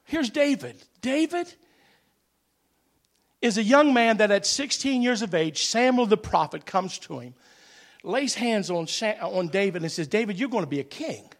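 A middle-aged male pastor preaching a sermon, telling folksy stories that swell into shouted preaching. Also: sits high, animated, measured pace.

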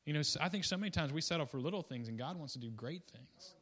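A man giving an informal guest sermon. He talks in a rambling, conversational way with restarts and asides, swinging between loud, excited bursts and quiet, low remarks. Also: fast, breathy edge. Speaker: guest preacher.

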